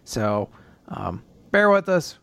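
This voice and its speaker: A grieving man co-hosting a podcast, talking casually in a subdued, halting way with nervous laughs. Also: mid-range voice, very animated, creaky, fairly bright tone, clear, resonant tone, dry recording. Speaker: podcast co-host.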